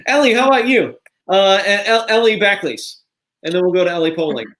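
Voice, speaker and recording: A man's voice: high-pitched, fairly quick, a bit bright. A man hosting a casual online cast reunion, friendly and often repeating words as he restarts a sentence. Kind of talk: casual interviewing chat.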